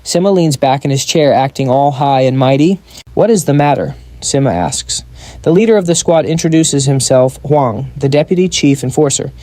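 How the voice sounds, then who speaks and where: A man's voice: medium pitch, moderate pace, warm tone, no echo. A man narrating a comic story recap in a scripted style, dropping wry joking asides.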